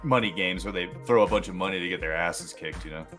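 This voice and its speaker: A man chatting casually on a live stream, animated, swearing freely and laughing often. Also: low-pitched, fast, over music. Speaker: co-host. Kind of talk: casual chat.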